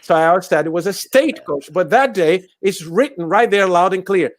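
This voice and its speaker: A man from Brazil with a Brazilian accent, telling a story as a guest in a lively, laughing way on a video call. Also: high voice, a little fast, hardly any pauses, dry recording. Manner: lively, laughs often, repeats words. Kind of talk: animated storytelling in a chat.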